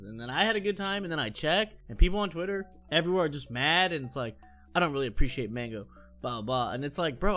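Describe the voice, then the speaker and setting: This streamer, a man in his thirties, has a fairly high and somewhat bright voice. Chatting casually, he gets heated and rambles quickly, cursing often and starting his sentences over and over.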